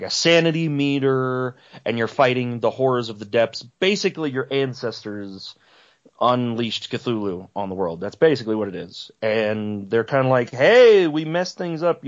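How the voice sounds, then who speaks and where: Guy on a podcast explaining stuff, mid voice, muffled lo-fi sound. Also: medium pitch. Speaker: podcast co-host. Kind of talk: casual chat. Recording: dull lo-fi audio.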